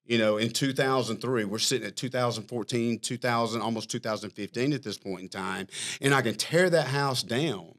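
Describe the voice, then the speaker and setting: A man, a company chief executive, telling a long story in a casual interview, animated and self-mocking, laughing as he talks. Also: medium pitch, moderate pace. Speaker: firm CEO, podcast guest.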